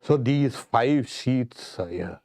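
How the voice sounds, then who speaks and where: Swami guy giving a scripture class, voice jumps around a lot, mellow and dry sounding. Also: medium pitch, takes it slowly, dry recording. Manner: lively, acts out quotes, laughs often. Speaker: swami teaching a Vedanta class.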